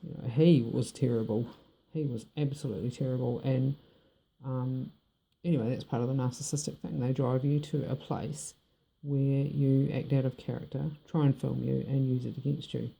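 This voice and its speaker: Gravelly, dark-voiced New Zealand woman. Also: very deep voice, steady tone, moderate pace. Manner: blunt, rambling, frank with swearing. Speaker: vlogger. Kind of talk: personal monologue.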